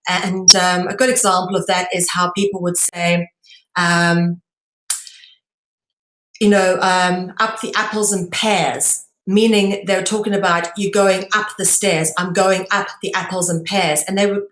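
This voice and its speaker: A woman from South Africa giving a lecture-style presentation, explaining in a measured way with frequent pauses and ums. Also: on the low side, flat delivery, a bit bright, reverberant, rough recording.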